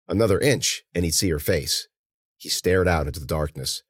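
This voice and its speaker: A man's voice: low-pitched, moderate pace, slightly rough, no room sound, clean studio sound. A man narrating an audiobook in a tense, dramatic way.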